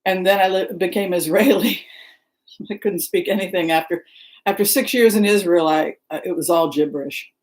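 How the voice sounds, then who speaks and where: Speaking at a normal pace in a lowish, slightly mellow voice, this livestream host, a middle-aged woman from around Seattle, Washington, rambles through casual chat and greets live viewers by name. The recording is rough.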